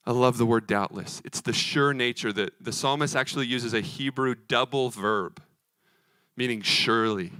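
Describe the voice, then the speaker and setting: A man's voice: mid-range voice, normal speed, sharp tone, dry recording. A man preaching a sermon, earnest and emphatic with rhythmic repetition.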